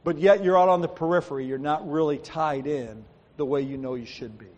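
A man's voice: fairly high pitch, fairly quick, a little mellow. A man as pastor giving a sermon, telling stories animatedly and acting out the people he quotes. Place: church sanctuary. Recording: long hall reverb.

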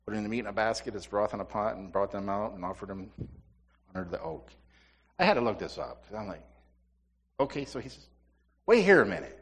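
A middle-aged male pastor delivers a sermon in a lowish voice, mixing scripture with playful asides and teasing stories for his congregation. His words ring out with a long reverb through the church sanctuary. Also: a little fast, long pauses. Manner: conversational preaching, asides to the congregation, playful storytelling.

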